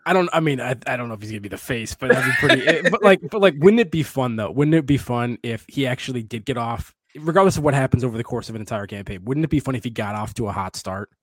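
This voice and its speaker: A man's voice: medium pitch, expressive, fast, hardly any pauses, a bit bright, no room sound, studio quality. A man co-hosting a football podcast, chatting casually with lots of fillers and restarts. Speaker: podcast co-host.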